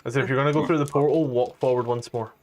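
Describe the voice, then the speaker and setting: A man's voice: mid-range voice, fairly even intonation, rapid-fire, a little mellow. A Scottish man narrating as dungeon master, casual and given to swearing. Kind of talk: narrating a tabletop game.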